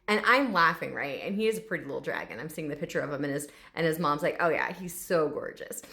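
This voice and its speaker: A woman who works as an animal communicator, telling a story in a chatty, animated way, full of fillers. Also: deep voice, fast talker, creaky. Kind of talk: casual storytelling to camera.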